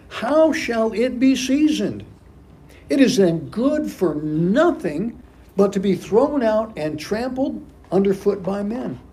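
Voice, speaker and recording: A man's voice: high voice, warm tone, a little hiss or hum. A man preaching a sermon as pastor of a church, emphatic and repeating key phrases for stress. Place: church sanctuary.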